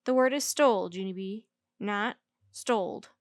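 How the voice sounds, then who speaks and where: A woman voicing a patient male schoolteacher who speaks in a measured way and gently corrects grammar. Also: fairly high pitch, no room sound, lightly acted. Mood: correcting. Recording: dry close recording.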